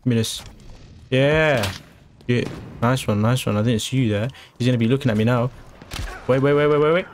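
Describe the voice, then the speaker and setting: A young man, excitedly commentating his own gameplay and trash-talking opponents. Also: medium pitch, brisk, long pauses, a little hiss or hum. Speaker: gamer. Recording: game music in background.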